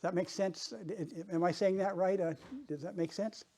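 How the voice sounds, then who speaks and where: An older man giving an informal presentation to a small group, halting, with many restarts and repeated words. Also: high-pitched, fairly even intonation, dark tone. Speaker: guest speaker. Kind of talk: informal presentation with audience chat.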